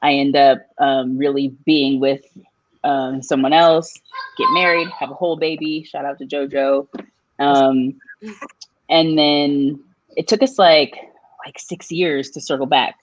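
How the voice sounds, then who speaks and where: Low-voiced woman telling a story, lo-fi. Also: measured pace, dry recording. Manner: animated, jumps high in pitch when quoting people. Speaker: guest. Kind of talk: casual storytelling on a live podcast.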